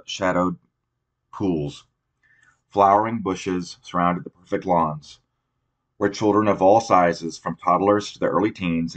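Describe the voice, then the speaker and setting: Deep-voiced man reading a novel aloud. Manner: unhurried reading with occasional restarts. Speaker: audiobook narrator. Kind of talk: scripted audiobook narration.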